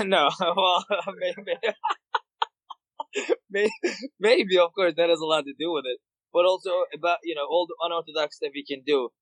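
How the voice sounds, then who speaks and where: A man's voice: high-pitched, unhurried, long pauses, a bit bright, no echo, rough recording. Dry-sounding male guest, from Turkey. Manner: enthusiastic, gives opinions on politics and fighters. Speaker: guest, mixed martial arts fighter. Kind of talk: casual chat.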